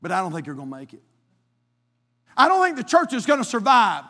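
A man's voice: high-pitched, huge pitch swings, fairly quick, pushed and bright, heavily acted. A man voicing the devil as a mock-friendly, sneering tempter during a sermon, heard in a hall with long reverb. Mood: taunting. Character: taunting devil mocking a congregation.

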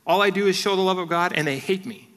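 Pastor guy preaching, kinda high bright voice, big church echo. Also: fast. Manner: earnest preaching, shifts into soft prayer and playful family anecdotes. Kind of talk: sermon. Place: church hall.

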